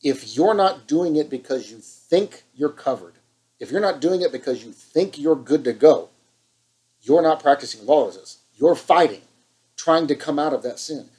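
A man's voice: a little high, expressive, normal speed, darkish tone, low-quality recording. A man preaching an impassioned online sermon, fired up and scolding, hammering points with repetition.

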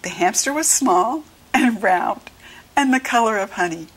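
An American woman reading a children's storybook aloud slowly and clearly for young listeners. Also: lively intonation. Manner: slow, clear teaching read-aloud, brighter pitch for quoted children. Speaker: children's book reader. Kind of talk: read-along storybook narration.

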